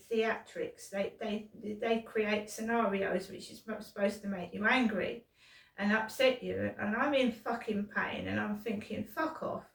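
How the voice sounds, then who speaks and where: A woman's voice: mid-range voice, gravelly, fairly bright tone, echoey room, recorded from a distance. A middle-aged British woman vlogging in pain, rambling and swearing with frequent restarts. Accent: British English. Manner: rambling and profane, with restarts and stumbles. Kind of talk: rambling personal vlog monologue.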